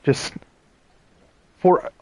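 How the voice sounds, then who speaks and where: A man streaming a puzzle game, thinking aloud with pauses and chatting to viewers, tired and yawning. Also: no room sound. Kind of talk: casual let's-play commentary.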